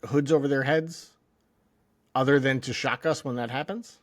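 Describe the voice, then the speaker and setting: A man co-hosting a podcast, talking in a relaxed, halting way about a TV episode. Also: mid-range voice. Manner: relaxed, halting, with many likes and ums. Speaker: podcast co-host. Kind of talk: casual recap chat.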